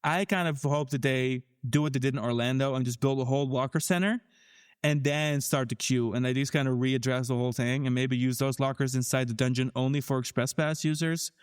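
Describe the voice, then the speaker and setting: A man co-hosting a theme park podcast, talking in a casual, animated and critical way with frequent restarts. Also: mid-range voice, a little fast, clear, resonant tone. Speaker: podcast co-host.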